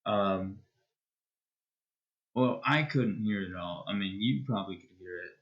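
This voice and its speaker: A male streamer winds down a live stream in casual, rambling chat. He speaks at an unhurried, drawn-out pace and keeps circling back and restarting his sentences. His voice comes through a muffled, lo-fi recording. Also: fairly low pitch. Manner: rambling and hesitant, with many restarts.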